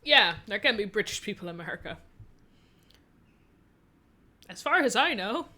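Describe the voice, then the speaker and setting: A woman's voice: mid-range voice, sing-song, fast talker, pushed and bright. A woman streaming a game, reading the dialogue aloud in her own voice and chatting about the story. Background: faint game music.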